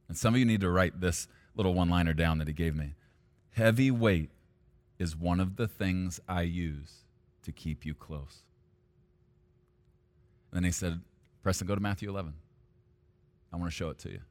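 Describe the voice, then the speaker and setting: A male pastor preaching a sermon, at times rising to loud, high-pitched intensity. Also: normal speed, pauses often.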